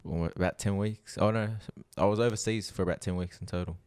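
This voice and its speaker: A man's voice: low voice, fairly even intonation, quick pace, a little mellow, clean tone. A young man, a boxer, answering interview questions in a plain, matter-of-fact way. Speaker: guest, professional boxer.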